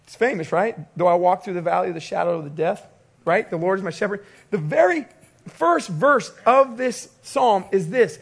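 A man pastor preaching a sermon, telling a personal story with animated storytelling and quoted voices. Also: high-pitched, moderate pace, creaky, husky.

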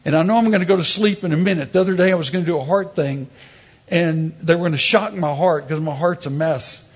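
Middle-aged male preacher, husky tone, emphatic sermon delivery with humor. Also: fairly high pitch, quick pace, muffled recording. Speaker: pastor.

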